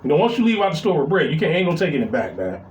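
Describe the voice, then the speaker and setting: A man's voice: a little high, very animated, very fast, a little hiss or hum. A middle-aged man telling a long, profane story about his family, rambling and full of fillers and repeats. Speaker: vlogger venting about family. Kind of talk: casual storytelling rant. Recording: roomy echo.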